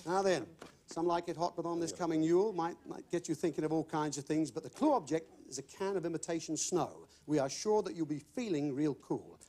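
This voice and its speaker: A man's voice: fairly high pitch, expressive, brisk, mellow. Chirpy man hosting a game show. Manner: chirpy, jokey patter with repeated phrases. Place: television studio with live audience. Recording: old broadcast recording with audience.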